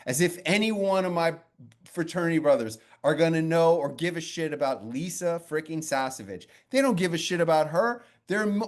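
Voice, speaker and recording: Male media coach, fairly high voice, blunt and animated, swears casually while telling stories. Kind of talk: coaching session with storytelling.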